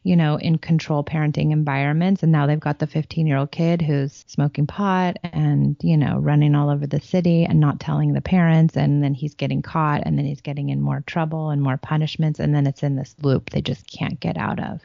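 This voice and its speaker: A woman's voice: low-pitched, a little fast, creaky, few pauses, no room sound. A middle-aged woman talking about parenting in a casual podcast chat, earnest and reassuring. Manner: earnest, reassuring, animated when acting out scenes. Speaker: parenting coach. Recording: dull, lo-fi dry sound.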